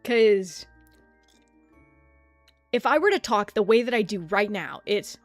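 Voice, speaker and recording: A woman streamer chatting casually and rambling about practicing a deeper voice, self-deprecating and swearing freely. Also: lively intonation, slow pace, no echo, soft background music. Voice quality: slight lisp-like clicking from a tongue piercing. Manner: experimenting with pitching her voice deeper. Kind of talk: casual livestream chat.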